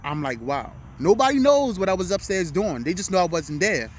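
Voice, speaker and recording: A man's voice: high voice, very animated, brisk, slight background noise. A middle-aged man recording a heartfelt motivational talk outdoors at dusk, speaking earnestly and emotionally and repeating his key phrases. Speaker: vlog host. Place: outdoors at dusk, urban street.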